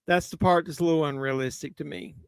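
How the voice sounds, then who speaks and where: A man with a Southern drawl chats loosely through a movie watch-along, cracking jokes while he drinks. His voice sits a little high and comes across smooth and clear. The sound is dry, with no room around it. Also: fairly even intonation, quick pace, dry recording. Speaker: livestream host.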